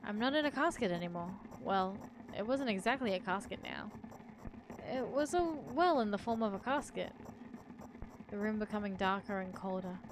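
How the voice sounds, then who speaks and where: A woman's voice: mid-range voice, animated, normal speed, noisy background. A woman streamer reading a horror story aloud in the first person, with joking asides.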